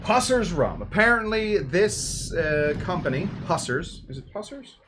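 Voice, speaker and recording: A man's voice: sits high, big pitch swings, a little slow, background noise. A man hosting a cocktail show, talking casually in a rambling way, interrupting himself with jokey asides. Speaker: host of a drinks show.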